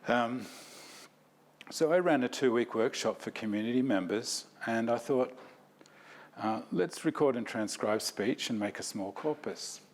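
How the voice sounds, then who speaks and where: A man's voice: mid-range voice, unhurried. A man giving an academic talk, reflective and self-deprecating, in a lecture hall.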